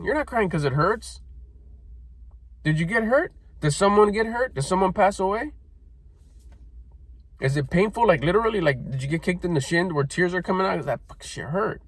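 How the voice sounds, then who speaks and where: A middle-aged man delivers a confrontational motivational talk, swearing casually and mimicking people's whiny excuses. His voice sits slightly high for a man and leaps up and down with lively, animated pitch. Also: slightly rough, no echo. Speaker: motivational speaker. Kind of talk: blunt motivational monologue.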